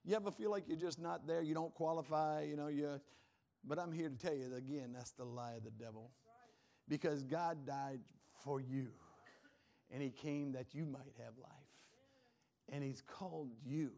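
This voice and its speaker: A man preaching a sermon as pastor, animated, firing questions at the congregation and laughing often. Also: fairly high pitch, moderate pace, gravelly.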